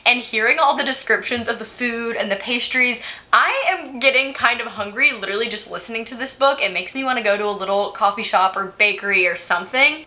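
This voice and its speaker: A young woman talks through her reading vlog in an easy, chatty way, dropping in fillers and little giggles. Her voice sounds bright and a touch sharp. The room around her has a noticeable roomy echo. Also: medium pitch. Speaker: book vlogger. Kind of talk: casual reading vlog chat.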